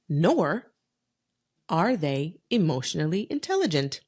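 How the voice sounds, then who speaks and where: A woman's voice: fairly low pitch, animated, normal speed. A woman hosting a solo podcast, talking bluntly with lots of swearing and emphatic rhetorical questions. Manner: talks herself through feelings aloud. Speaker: podcast host.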